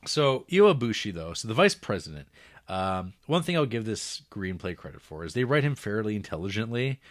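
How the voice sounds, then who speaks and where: A man's voice: fairly low pitch, big pitch swings, dry recording. Man in casual podcast chat, dry mic. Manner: recaps the plot acting out lines in quick quoted voices. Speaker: podcast co-host. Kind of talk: casual film review chat.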